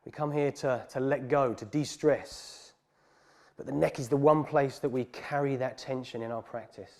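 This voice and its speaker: A man teaching a guided yoga class, calmly cueing breaths and poses. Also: mid-range voice, normal speed. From England. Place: heated yoga studio.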